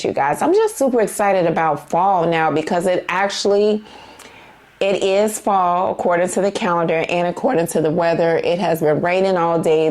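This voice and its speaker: A woman's voice: on the low side, darkish tone. A woman chatting casually to camera as a perfume vlogger, gushing and saying you guys and y'all.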